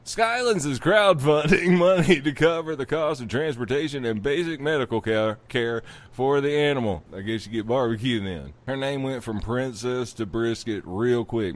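A man's voice: mid-range voice, expressive, moderate pace, hardly any pauses. A man hosting a podcast, reading a news story and riffing on it with profane jokes and frequent laughter. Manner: profane, joking, laughs often. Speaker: podcast host. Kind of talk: comic news commentary.

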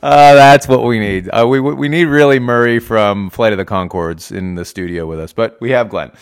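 A man's voice: medium pitch, moderate pace, smooth. A Canadian man hosting a casual podcast, joking and teasing his co-host.

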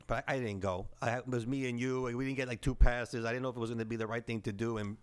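Excitable Bronx guy telling stories. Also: mid-range voice, fast talker, smooth. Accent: New York. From the Bronx, New York. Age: 40s. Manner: excitable storyteller, says bro and man, mild swearing. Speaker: podcast co-host. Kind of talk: casual chat, storytelling.

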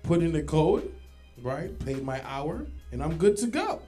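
A man's voice: on the high side, big pitch swings, dark tone, faint music behind. A man co-hosting a podcast, telling a story in casual chat and checking in with "right?" after each step. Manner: storytelling, quick, says "right?" often. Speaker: podcast co-host.

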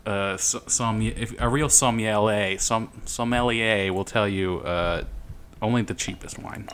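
A man's voice: lowish voice, a little slow, fairly bright tone, slight background noise. A man hosting a casual podcast, rambling and laughing often as he corrects himself mid-sentence. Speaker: podcast host. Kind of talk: casual chat.

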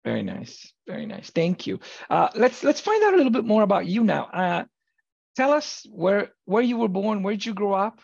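A podcast host with a casual interviewing manner and a habit of drawn-out affirmations. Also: medium pitch, big pitch swings, a little mellow, dry recording. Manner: gravelly, husky, drawn-out affirmations. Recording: dull lo-fi recording.

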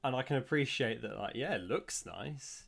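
Easygoing guy on a movie podcast, middle pitch, laughs a lot, kinda unsure sometimes. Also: lively intonation, normal speed, vocal fry, a bit bright. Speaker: podcast co-host. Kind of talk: casual film commentary chat.

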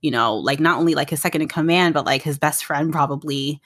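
Woman podcast cohost, kinda low voice, rambly and heartfelt, super dry close sound. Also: quick pace, fairly bright tone, no echo. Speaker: podcast co-host. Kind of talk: casual chat recapping a drama.

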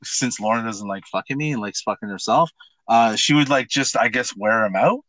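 A man's voice: mid-range voice, moderate pace, no echo. A man co-hosting a podcast in casual chat, crude and joking as he tells stories. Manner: crude, joking, lively storyteller. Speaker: podcast co-host.

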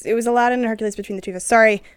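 A woman's voice: a little high, fairly even intonation, very fast, smooth, no echo, studio quality. A woman co-hosting a casual chat, blunt and emotional, swearing heavily. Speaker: co-host.

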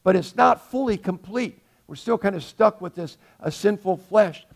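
Gravelly older man preaching. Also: high voice, animated, moderate pace. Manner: earnest, swings from loud pleading to soft and hushed. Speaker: pastor. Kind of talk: sermon.

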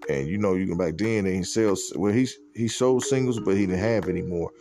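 Deep-voiced man telling a story. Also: fairly quick, over music. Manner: loose, profane, conversational; fillers like "you know what I'm saying". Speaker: podcast host. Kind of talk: casual storytelling.

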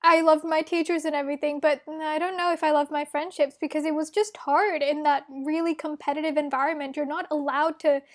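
A woman's voice: high-pitched, steady tone, fairly quick, hardly any pauses. A young woman from Australia co-hosting a podcast, chatting candidly and swearing freely. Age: young adult. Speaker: podcast co-host. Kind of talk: casual chat.

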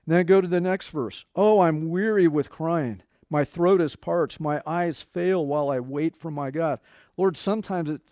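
A man's voice: on the high side, darkish tone, no room sound, clean studio sound. A middle-aged man preaching a sermon in a conversational way, quoting scripture and talking to his congregation. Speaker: pastor.

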